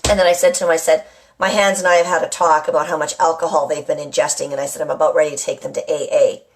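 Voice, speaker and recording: A woman's voice: low-pitched, level tone, racing. Chatty rambling woman. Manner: chatty, rambling, often asks "right?". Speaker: live-stream host. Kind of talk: casual live chat to viewers. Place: at home with a kitchen nearby.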